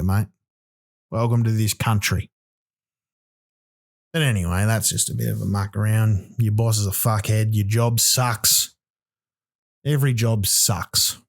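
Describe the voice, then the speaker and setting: A man's voice: lowish voice, fairly even intonation, normal speed. A young Australian man hosting a podcast, ranting in a loose comic monologue, swearing and acting out little voices as he goes. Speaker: podcast host.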